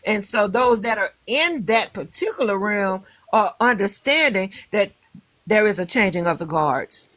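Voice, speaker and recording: A woman's voice: medium pitch, animated, a little slow, fairly bright tone, no echo. Emphatic rambling woman, dry close sound. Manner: rambling, emphatic, many restarts. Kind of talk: casual discussion.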